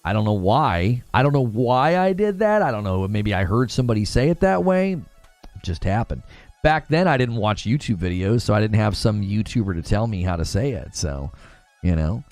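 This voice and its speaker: A man's voice: lowish voice, very animated, moderate pace, a little mellow, dry recording, faint music behind. Rambling man streaming. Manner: rambling, self-correcting, laughs often. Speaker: gaming channel streamer. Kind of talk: casual live-stream chat.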